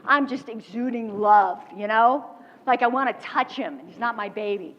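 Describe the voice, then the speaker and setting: A woman giving a motivational keynote speech, telling animated stories with quick laughs, on a stage microphone in a large lecture hall. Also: a little high. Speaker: keynote speaker. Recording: dull recording with long hall reverb.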